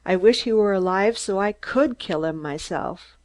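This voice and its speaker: A woman reading an audiobook, voicing a stunted, excitable man who rants in shrill, staccato bursts. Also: unhurried, lightly acted. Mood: gloating. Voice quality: shrill, squeaky. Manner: screaming, staccato, gloating.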